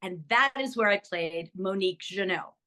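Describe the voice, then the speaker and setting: At a moderate pace and medium pitch, an older woman who acts talks excitedly about her career during an interview. Her delivery is lively but scattered, packed with ums, fillers, and false starts.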